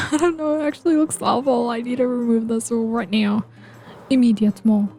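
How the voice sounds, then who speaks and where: Chatty woman with a mellow voice. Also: fairly high pitch, a little fast. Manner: rambling, playful, lots of "like" and "you know". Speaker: video game builder vlogger. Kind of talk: casual chat over gameplay. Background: faint background music.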